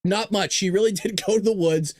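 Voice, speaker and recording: A man hosting a live political commentary show, talking in an animated, sarcastic way with laughing asides. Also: sits high, a little fast. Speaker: host.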